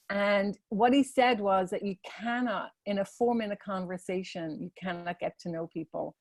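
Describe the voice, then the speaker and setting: A woman who runs salons presents a webinar to salon leaders, speaking casually and earnestly with lots of fillers. Her medium-pitched voice moves at normal speed with hardly any pauses, and the recording is dry.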